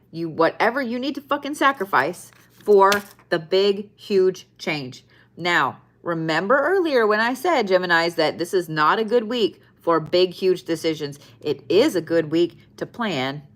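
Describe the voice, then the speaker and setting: Low-voiced woman giving blunt zodiac readings. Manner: blunt, swears often, repeats phrases for emphasis. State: tired, yawning. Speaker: zodiac and tarot reader. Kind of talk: casual weekly zodiac card reading.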